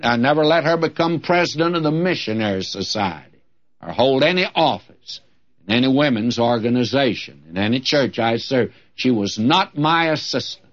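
A man's voice: mid-range voice, animated, moderate pace. An older man preaching a sermon as a pastor, folksy and humorous, quoting scripture. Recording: dull lo-fi old recording.

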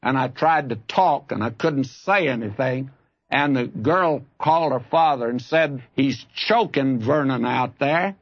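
A man with a medium-pitched voice preaches a radio Bible sermon at a measured pace, the recording muffled but free of echo. He tells a personal story in a folksy, earnest way, building to fervent appeals to his listeners.

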